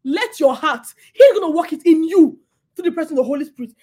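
A woman's voice: extremely high pitch, animated, fast talker, darkish tone. A woman preaching a sermon with passion, who repeats her words and swings between laughter and near tears.

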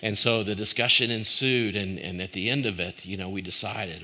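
A man with a lowish voice and a bright, forceful edge gives a reflective devotional talk. He speaks conversationally and searchingly, circling back on his own phrases and turning to the listener with direct questions. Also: fairly even intonation, moderate pace, hardly any pauses. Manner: conversational and searching, with frequent restarts.

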